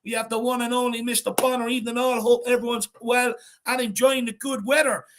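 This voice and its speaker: An Irish man co-hosting a fan channel, chatting casually on a live stream and reading out viewer comments with shout-outs. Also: extremely high pitch, little pitch movement, brisk, noisy background. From Ireland.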